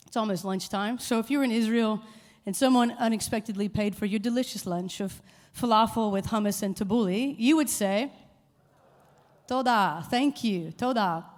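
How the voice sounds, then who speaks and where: A woman's voice: on the high side, normal speed. A woman leading a congregation in a light, playful talk, quizzing the audience and getting them to call out answers. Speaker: worship leader giving a short church talk. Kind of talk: informal sermon with audience call-and-response. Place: church hall with a live congregation. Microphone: handheld microphone. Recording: long hall reverb.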